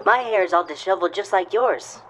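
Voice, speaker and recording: A woman's voice: medium pitch, brisk, slight background noise, low-quality recording. Woman improvising a playful comedy dub. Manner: playful, improvising silly dialogue. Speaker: comedy dubber.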